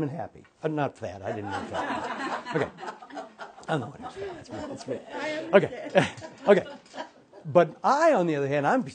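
Husky man teaching a Bible class. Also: fairly high pitch, a little mellow. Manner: conversational, with frequent restarts and asides. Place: classroom with a group present.

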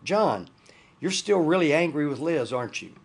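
A man reading the lines of a calm, gently probing Christian marriage counselor. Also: fairly high pitch, moderate pace, vocal fry, husky, pitched above the performer's own voice, heavily acted.

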